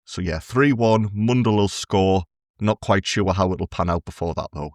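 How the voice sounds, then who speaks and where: A man as guest on a casual football podcast, relaxed and teasing the hosts. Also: low-pitched, moderate pace, no echo, clean studio sound. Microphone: remote call.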